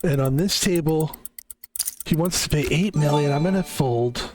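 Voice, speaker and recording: A man's voice: fairly high pitch, normal speed, darkish tone, slight background noise. A man streaming a game, chatting casually in a rambling, tired way with lots of fillers. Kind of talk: casual gaming stream chat. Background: game music.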